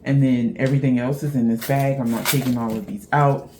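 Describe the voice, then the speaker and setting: A woman's voice: very deep voice, steady tone, fairly quick. Middle-aged lady from central texas, chatty and rambly, laughs at herself, slight hiss behind. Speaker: knitting podcast host. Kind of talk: casual knitting show-and-tell chat.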